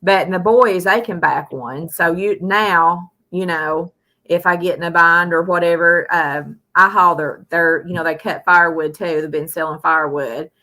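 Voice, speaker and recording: A woman's voice: on the low side, fairly even intonation, normal speed, bright, forceful tone. A middle-aged woman hosting a live stream, telling a rambling, folksy story full of "uh" and "you know". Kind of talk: casual storytelling chat.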